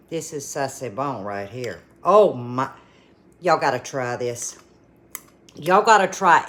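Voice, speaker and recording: A woman's voice: lowish voice, fairly bright tone. A woman hosting a casual cooking vlog from her kitchen, folksy and full of exclamations. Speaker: cooking channel host.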